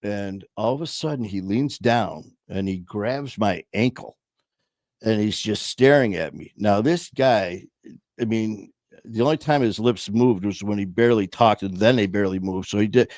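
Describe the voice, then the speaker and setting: A man's voice: on the low side, normal speed, a little mellow, no echo, studio quality. A man casually telling a personal story, blunt and profane, with many restarts and trailing phrases. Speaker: podcast host telling his story.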